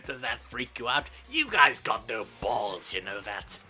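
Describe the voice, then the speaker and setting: A man's voice: medium pitch, very animated, measured pace, bright, forceful tone, full character voice. A man voicing a gleeful, sadistic male bear mascot in a sing-song, taunting manner, over game music. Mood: mocking.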